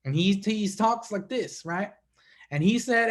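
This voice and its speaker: This man speaks to a congregation as a guest, his voice high-pitched and his delivery unhurried. Animated in his storytelling, he refers to the listeners as his friends.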